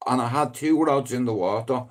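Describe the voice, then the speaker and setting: A middle-aged man with a Dublin accent rambling on a casual live stream, swearing freely and breaking into loud emphatic outbursts. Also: medium pitch, moderate pace. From Ireland.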